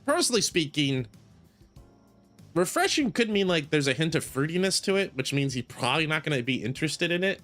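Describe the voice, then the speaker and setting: An American man streams a shop simulator game, chatting casually with rambling, filler-heavy commentary. His voice is fairly high-pitched, pushed and bright.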